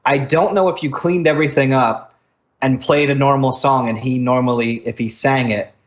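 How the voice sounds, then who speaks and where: An American man co-hosting a casual music podcast, chatty and quick to jump in with his own take. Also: medium pitch, fairly even intonation. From United States. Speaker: podcast co-host. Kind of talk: casual music-review chat. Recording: dull lo-fi sound.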